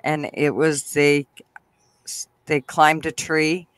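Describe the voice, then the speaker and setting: A man's voice: fairly high pitch, little pitch movement, slow, fairly bright tone, clean tone, no room sound. A man on a live stream chat, rambling hesitantly through a joke. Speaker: guest on the stream.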